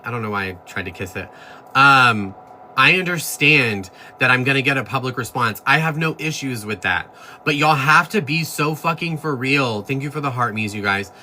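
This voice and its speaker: A man with a strikingly bright, sharp tone hosts a casual livestream, greeting viewers one after another. He talks bluntly and swears freely when he gets into a rant. A faint hum of noise sits behind his voice. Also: mid-range voice. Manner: blunt, profane and ranting; reads out and thanks viewers one by one. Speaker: livestream host.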